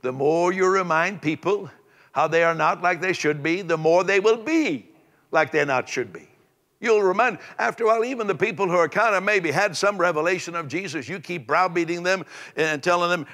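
A man pastor preaching a sermon, swinging from loud emphasis to soft, low asides. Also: moderate pace, big-room sound.

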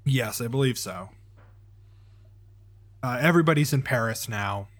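A man's voice: mid-range voice, lively intonation, unhurried, a bit bright. A man co-hosting a casual chat, filling in and correcting story details with hesitant fillers. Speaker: podcast co-host.

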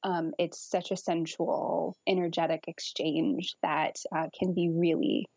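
A woman's voice: lowish voice, level tone, unhurried, darkish tone, no room sound, lo-fi sound. A woman guest on a podcast, talking frankly and casually with frequent laughter and swearing. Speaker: guest kink educator.

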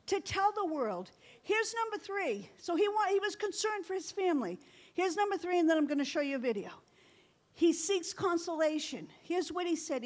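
A woman's voice: high voice, a little mellow. A middle-aged woman pastor preaching a sermon, telling stories in a chatty way and laughing often.

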